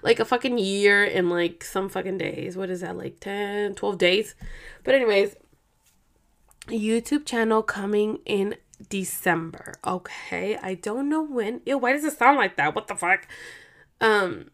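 A woman's voice: medium pitch, a little slow, a bit bright. Young woman vlogging from home, casual swearing rant, exasperated, rambling. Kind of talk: casual ranting monologue.

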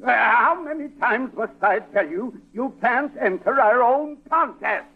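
An actor playing a bossy, joking company executive in a 1940s radio sitcom. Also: male voice, very high voice, animated, a little slow, heavily acted. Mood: breezy. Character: brash, wisecracking company executive. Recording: tinny old radio broadcast.

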